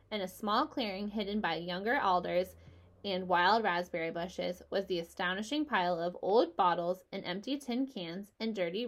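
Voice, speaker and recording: A woman narrating a children's book aloud in a steady, expressive storytelling manner. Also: mid-range voice.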